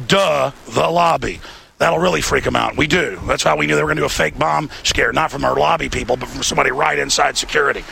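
Gravelly guy ranting on his show, high tense husky voice. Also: pushed and bright. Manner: urgent, ranting, repeats words. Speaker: show host. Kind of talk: heated political broadcast rant.

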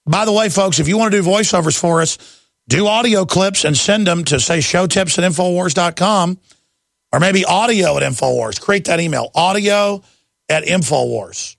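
A middle-aged man hosting a talk radio show, with a raspy, blown-out voice, talking in a wound-up, jabbering way. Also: fairly high pitch, a bit bright, dry recording, studio quality. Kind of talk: fast rambling talk radio monologue.

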